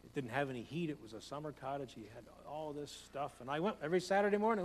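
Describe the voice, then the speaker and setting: A man's voice: fairly high pitch, fast. A man preaching a conversational sermon as pastor, repeating phrases and speeding up as he tells stories. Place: church sanctuary. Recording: long hall reverb, faint hum.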